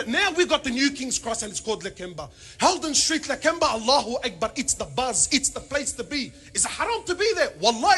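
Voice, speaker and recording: A man giving a humorous religious talk to an audience, animated and full of rhetorical questions, with Arabic phrases mixed in. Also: extremely high pitch, slightly rough. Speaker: panel speaker.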